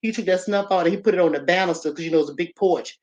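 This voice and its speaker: A woman in her fifties telling a personal story in a casual, animated way, talking straight to her listeners. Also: fairly low pitch, rapid-fire. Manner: animated, chatty, addresses listeners directly. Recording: slightly dull lo-fi audio.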